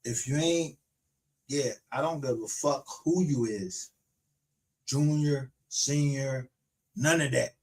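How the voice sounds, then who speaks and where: A man's voice: medium pitch, slow, pauses often, breathy edge. A man ranting aggressively on a livestream, confrontational and full of profanity. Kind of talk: angry livestream rant.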